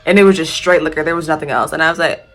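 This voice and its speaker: A woman's voice: deep voice, steady tone, very fast, fairly bright tone. A young American woman casually telling a storytime tale, chatty, laughing and swearing freely. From United States.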